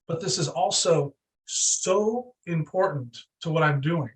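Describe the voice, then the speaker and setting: Animated high-voiced man telling stories. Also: recorded from a distance, rough recording. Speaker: real estate team leader, guest. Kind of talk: energetic storytelling interview.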